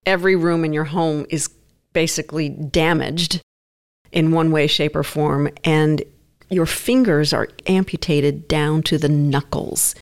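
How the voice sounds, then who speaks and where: A woman's voice: deep voice, steady tone, measured pace. A woman interviewing a guest, asking direct questions and recapping his story.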